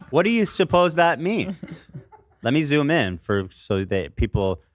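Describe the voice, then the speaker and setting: A man co-hosting a casual livestream, talking in an emphatic, teasing way. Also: on the high side.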